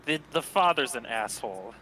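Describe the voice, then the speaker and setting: Male player with a bright, forceful tone, dry blunt delivery, faint background noise. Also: medium pitch, expressive, normal speed, low-quality recording. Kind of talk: casual tabletop play.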